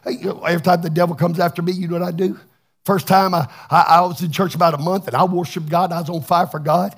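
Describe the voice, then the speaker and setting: A man preaching a fervent Pentecostal sermon, swinging from chatty asides to shouted bursts. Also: high voice, steady tone, fast. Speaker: pastor.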